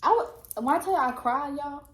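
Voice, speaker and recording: Animated young woman, slightly high, roomy sound. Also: fairly quick. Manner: animated, emphatic storytelling. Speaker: podcast co-host. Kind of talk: casual faith testimony chat. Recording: roomy echo.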